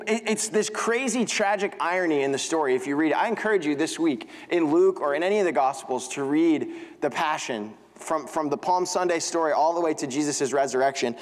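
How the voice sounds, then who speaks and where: A young man preaching a sermon as pastor, talking conversationally with frequent "right?" asides and dropping low and slow to stress a point. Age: young adult. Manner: pitch drops low and slow for emphasis. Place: church sanctuary. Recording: long hall reverb.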